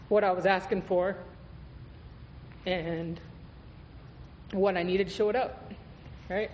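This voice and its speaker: A man's voice: high voice, steady tone, takes it slowly, long pauses, darkish tone, lo-fi sound. A man giving a candid, profane recovery testimony as a guest speaker at a meeting, telling his story with laughs. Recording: reverberant hall with faint noise.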